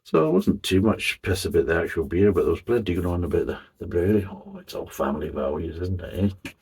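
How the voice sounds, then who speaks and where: Very husky, gravelly low-voiced man. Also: expressive, quick pace, a little mellow. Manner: chatty, rambling, swears casually. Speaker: beer reviewer. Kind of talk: casual rambling beer review.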